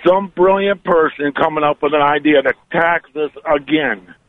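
Angry trucker calling in by phone. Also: male voice, fairly high pitch, normal speed, no room sound. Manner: angry, frustrated ranting. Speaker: caller, truck owner-operator. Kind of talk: radio call-in. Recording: phone-line audio, dry.

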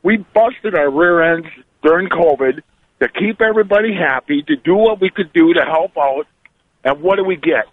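Man, trucker caller, angry ranting, higher voice, phone-line sound, dry. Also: moderate pace, no room sound. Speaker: caller, truck owner-operator. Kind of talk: radio call-in.

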